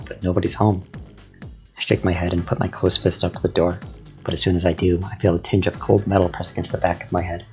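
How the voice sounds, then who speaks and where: A man reading a first-person story aloud with steady, measured narration. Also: deep voice, faint music behind. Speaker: audiobook narrator.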